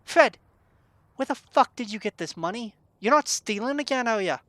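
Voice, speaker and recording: A man doing a loud, raised-pitch bartender in a tabletop game, swearing, scolding and demanding answers. The voice is bright and forceful, recorded close and dry. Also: lively intonation, measured pace, no echo. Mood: suspicious. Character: angry foul-mouthed male human bartender.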